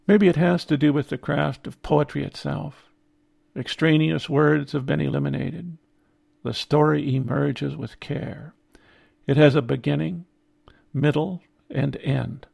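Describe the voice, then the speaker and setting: An older man narrating a reflective personal essay in a measured, contemplative way. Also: on the high side, gravelly, darkish tone, husky.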